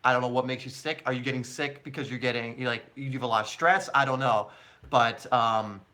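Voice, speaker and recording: A man hosts a live question-and-answer stream, answering viewers in a loose, chatty way full of ums and restarts. His voice is bright and forward, sitting at an ordinary middle pitch for a man. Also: fairly quick. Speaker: soccer channel host.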